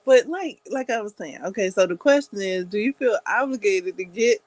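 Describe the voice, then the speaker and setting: A woman's voice: medium pitch, lively intonation, normal speed, hardly any pauses, darkish tone, slight background noise, poor audio. A woman vlogger in casual chat, rambling and giggling, with many hesitant fillers.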